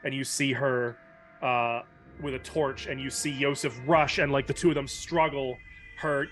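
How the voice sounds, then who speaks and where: A male game master narrates a grim tabletop scene in measured, descriptive tones. His voice sits at a middle pitch. Faint music plays underneath. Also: fairly even intonation, a bit bright.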